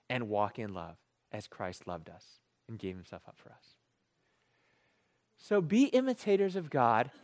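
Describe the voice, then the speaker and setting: A man preaching a sermon in a conversational, jokey way, repeating key phrases for emphasis and joking with the congregation. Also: fairly high pitch. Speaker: pastor.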